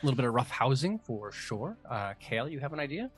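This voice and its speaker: A man's voice: medium pitch, sing-song, fast, soft background music. A man from the United States running a tabletop game as game master, enthusiastic and meandering.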